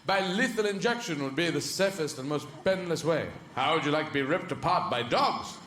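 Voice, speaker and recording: A man voicing a courteous male fox who calmly and politely declines a cruel death, on a roomy stage. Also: a little high, brisk, a little hiss or hum. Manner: calm, reasonable and courteous.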